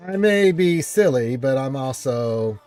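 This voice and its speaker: A man's voice: medium pitch, animated, measured pace, darkish tone, soft background music. A man hosting a casual gaming live stream, chatting loosely and reading out viewer greetings.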